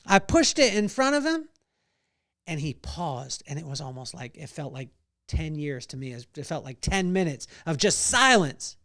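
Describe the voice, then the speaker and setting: A middle-aged man hosting a devotional podcast, telling a personal story with animated delivery and acted-out voices. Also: a little high, moderate pace. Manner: animated, acts out voices in stories. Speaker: podcast host.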